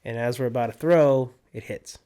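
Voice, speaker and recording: Young man telling a lively story. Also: medium pitch, normal speed, clean tone. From California. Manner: animated, laughing storyteller who acts out his own quotes. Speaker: podcast guest, disc golfer. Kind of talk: casual storytelling.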